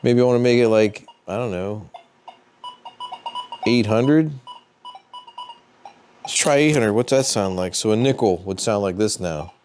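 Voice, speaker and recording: Low-voiced man giving a casual how-to. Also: measured pace, pauses often, soft background music. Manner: relaxed, plain-spoken, thinking aloud with fillers. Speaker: metal detecting channel host.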